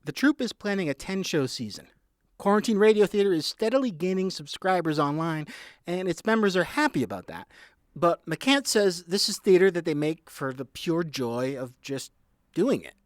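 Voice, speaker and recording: A man reporting a scripted radio news feature in a lively, measured delivery. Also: high voice, no echo, studio quality.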